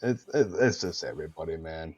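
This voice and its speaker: Deep-voiced man rambling through stories. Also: lively intonation, brisk, a little mellow, breathy edge, no room sound. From United States. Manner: rambling anecdotes, peppered with "man" and "dude". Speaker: guest roleplayer. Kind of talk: casual storytelling interview. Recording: dull, dry, lo-fi mic.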